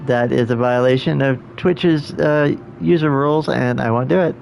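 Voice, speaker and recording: A man's voice: medium pitch, normal speed, creaky, a little mellow, a little hiss or hum. A man streaming a game, making wry, joking asides in casual commentary.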